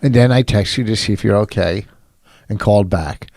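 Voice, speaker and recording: A man's voice: fairly low pitch, fairly quick, darkish tone, no room sound. A middle-aged man co-hosting a podcast in casual chat, ranting bluntly and swearing a lot. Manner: blunt, grumbling rants with heavy swearing. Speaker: podcast co-host.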